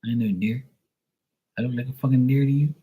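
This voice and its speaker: A man with a husky, breathy voice rants to his livestream viewers in a casual way. He is blunt and profane, and he mocks the people he talks about with a sharp tongue. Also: mid-range voice, fairly even intonation, fast, rough recording. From Bermuda. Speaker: livestream host.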